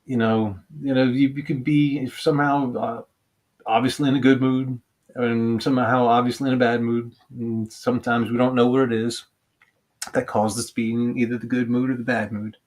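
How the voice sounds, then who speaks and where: A man talking casually about a song's meaning in a halting, hesitant way, often pausing and restarting. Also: mid-range voice, flat delivery. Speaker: vlogger discussing a song. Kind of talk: casual musing monologue.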